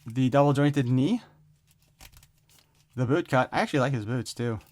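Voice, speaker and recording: A man's voice: medium pitch, normal speed, darkish tone. A man giving a casual, rambling toy unboxing review, joking around and swearing offhandedly.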